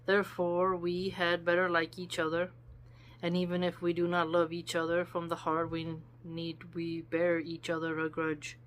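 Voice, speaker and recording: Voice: mid-range voice, monotone, normal speed, a bit bright, a little hiss or hum, close to an everyday voice. Life, read by a plain-voiced reader. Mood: coaxing. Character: Life, personified as a teasing woman. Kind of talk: read-aloud quotation.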